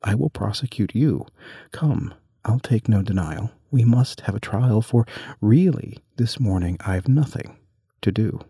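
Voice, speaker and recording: A man's voice: on the low side, lively intonation, measured pace, dark tone, slightly rough, no room sound, studio quality, heavily acted. A man voicing a cunning old dog in a storybook reading. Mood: sly.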